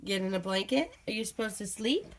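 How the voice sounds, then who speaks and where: A woman's voice: medium pitch, a little fast, a little hiss or hum. A young mother at home, playfully coaxing and questioning her toddler at bedtime in a casual home video.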